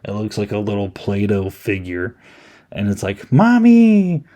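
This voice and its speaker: Solo podcast host, male, low mellow voice, loose and amused, filler-heavy. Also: level tone, moderate pace, dull audio. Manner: rambling, amused, many ums. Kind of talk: casual solo movie review.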